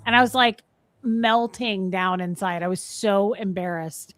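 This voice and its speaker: A woman's voice: medium pitch, measured pace. Chatty woman host telling a story. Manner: animated storytelling, thanks viewers by name. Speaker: co-host of a live stream. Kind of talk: casual live-stream chat.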